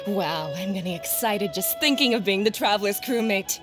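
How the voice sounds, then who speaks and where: A woman's voice: medium pitch, expressive, normal speed, over music, natural voice. An actress playing a cheerful, eager young female sailor in a video game. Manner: upbeat and eager.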